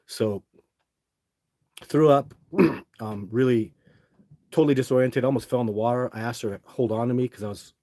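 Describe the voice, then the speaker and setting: With a mellow, medium-pitched voice and a slightly quick pace, a middle-aged man hosts a livestream, telling his chat long, rambling stories packed with restarts and fillers. There is no room sound.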